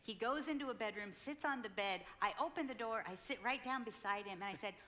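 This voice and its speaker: A woman in her sixties telling a lively story about her marriage to a live conference audience. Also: on the high side, fast talker. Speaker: conference speaker.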